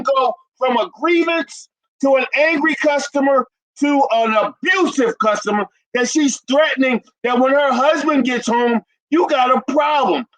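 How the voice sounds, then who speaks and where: A man in his fifties, a business consultant, talking emphatically to an audience he calls ladies and gentlemen. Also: very high voice, measured pace, poor audio. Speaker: carpet cleaning business consultant. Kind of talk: promotional business talk.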